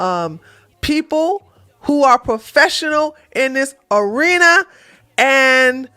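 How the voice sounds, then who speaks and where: Woman livestream host, casual sarcastic commentator, slow pace, somewhat high. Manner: animated, laughing often, sarcastic asides. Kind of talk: casual commentary reading chat.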